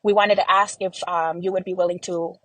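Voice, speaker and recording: A woman's voice: on the low side, flat delivery, a little fast, fairly bright tone, rough recording. A young woman from Texas, a podcast guest, tells a painful family story in a close-mic interview, acting out what people said with many "like"s. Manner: recounts events by acting out quoted dialogue, many fillers. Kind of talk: emotional personal storytelling.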